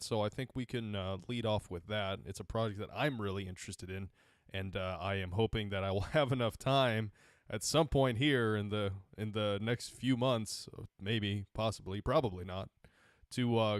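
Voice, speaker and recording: Joking man cohost, low-ish voice. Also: no echo, clean studio sound. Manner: joking, animated. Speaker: podcast co-host. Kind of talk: casual podcast chat.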